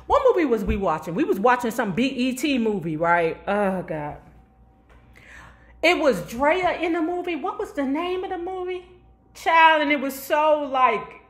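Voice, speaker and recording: Sassy, high-voiced woman storyteller. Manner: sassy, animated storyteller who keeps asking the audience "you heard me?"; dramatic emphasis with drawn-out words. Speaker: vlogger telling a story. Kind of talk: casual storytime while doing makeup.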